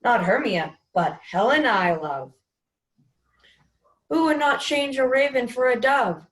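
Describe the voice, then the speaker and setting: Fickle young male lover played by a girl, earnest verse, slightly high voice. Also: lively intonation, a little slow. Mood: passionate. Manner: earnest verse delivery, often soft. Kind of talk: amateur student Shakespeare performance. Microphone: video call.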